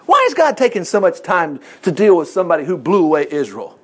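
A male preacher gives a casual, conversational sermon with lots of animated asides. His voice is high and very lively, swinging widely in pitch. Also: quick pace.

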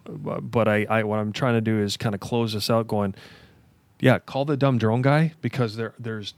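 A man's voice: lowish voice, no echo. A man hosting a podcast who works as a construction contractor, talking in an enthusiastic, rambling way. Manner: enthusiastic, rambling, with many restarts. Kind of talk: casual podcast chat.

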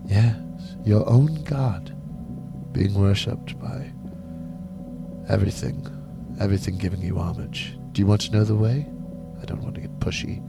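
A man voicing a seductive male devil who flatters and coaxes in hushed tones, in whispered role-play. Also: on the low side, normal speed, vocal fry, long pauses, over loud music.

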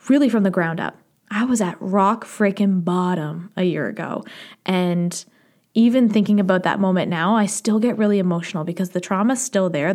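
A woman hosting her own podcast, talking candidly and reflectively in a solo monologue, laughing easily now and then. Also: mid-range voice. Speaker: podcast host.

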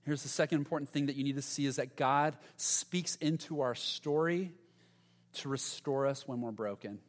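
A pastor preaching a sermon to his congregation, animated and conversational, with dramatic pauses. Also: medium pitch. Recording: long hall reverb.

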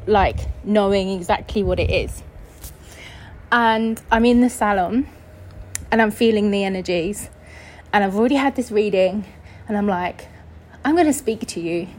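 A woman's voice: mid-range voice, a little mellow, poor audio. A woman from England hosting a podcast, telling a personal story in a chatty, casual way, acting out the voices she quotes. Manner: chatty, acts out quoted voices, laughs often. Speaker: podcast host.

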